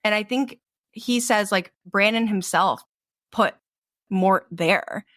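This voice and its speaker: A young woman co-hosting a book podcast, chatting casually with many fillers and lively retellings. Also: medium pitch, slow pace, no echo, clean studio sound. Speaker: podcast co-host.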